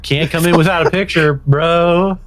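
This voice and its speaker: A man's voice: fairly high pitch, steady tone, normal speed, no room sound. Easygoing male game master. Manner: loose, full of fillers like "you know" and "right?". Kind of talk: narrating a tabletop game.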